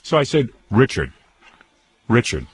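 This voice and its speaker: A man's voice: medium pitch, big pitch swings, measured pace. A middle-aged man hosting a radio show, telling comic stories and teasing his guest. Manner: teasing, mocking. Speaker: radio host. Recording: radio studio broadcast.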